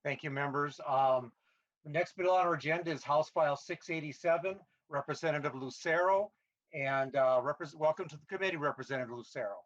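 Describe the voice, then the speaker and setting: Polite male committee chair, slightly higher voice. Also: brisk. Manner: polite, procedural. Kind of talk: chairing a remote hearing. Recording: slightly dull remote call audio.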